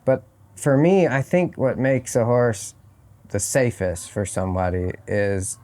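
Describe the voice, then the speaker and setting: A man's voice: mid-range voice, measured pace, darkish tone, slight background noise. A man talking as a guest on a podcast, thoughtful and often restarting his phrases, at a horse competition. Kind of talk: casual interview chat.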